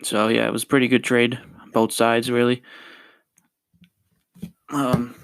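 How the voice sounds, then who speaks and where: Brief: casual male podcast host, smooth clear voice, loose rambling delivery. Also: medium pitch, completely flat delivery, a little slow, no room sound. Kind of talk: casual solo podcast talk.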